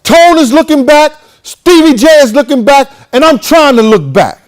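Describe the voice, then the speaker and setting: High, animated male storyteller. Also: moderate pace. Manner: animated, profane, acts out the voices of people in the story. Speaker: host. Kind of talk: casual storytelling.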